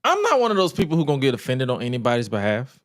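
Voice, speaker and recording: A man co-hosting a casual wrestling podcast, wry and joking, acting out quotes in a lower voice. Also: huge pitch swings, rapid-fire, no echo. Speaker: podcast co-host. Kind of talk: casual chat.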